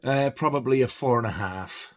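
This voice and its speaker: A man's voice: medium pitch, normal speed. A man giving a casual, rambling film review, hesitant with many fillers. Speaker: film collector reviewing horror films.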